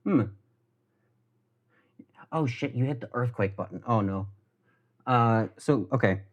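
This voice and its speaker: A man's voice: medium pitch, takes it slowly, highs cut off. A young American man with an American accent, chatting loosely and swearing as he cooks in his home kitchen on a live stream. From United States. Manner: rambling, self-deprecating, swears casually. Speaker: livestreamer. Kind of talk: casual live-stream chat while cooking. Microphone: headphones with mic.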